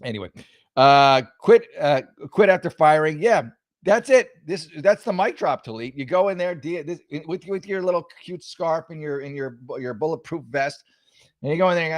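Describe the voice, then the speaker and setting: A man's voice: fairly high pitch, expressive, a little fast, no room sound, studio quality. Sarcastic male talk host. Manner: sarcastic, mocking, rambling with restarts. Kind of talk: casual political commentary.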